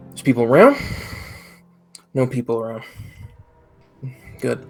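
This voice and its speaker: A man's voice: fairly low pitch, brisk, soft background music. A man playing in a tabletop game, talking out his character's actions in an intense way. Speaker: player. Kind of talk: tabletop role-play, in character.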